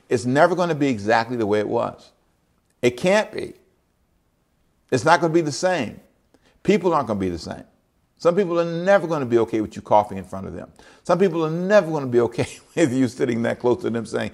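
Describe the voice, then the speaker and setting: A pastor in his sixties delivers a sermon with a gravelly, mid-pitched voice. He drives points home by repeating phrases and climbs to loud, high emphatic peaks. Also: animated, brisk. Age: 60s.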